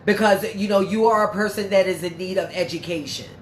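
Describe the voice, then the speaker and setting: A woman reads viewer comments on her casual livestream, loud-mouthed and chatty, swearing freely with a slightly stuffy, congested nose. She talks fairly quickly in a mid-range voice, with an echoey room and a little hiss or hum in the recording.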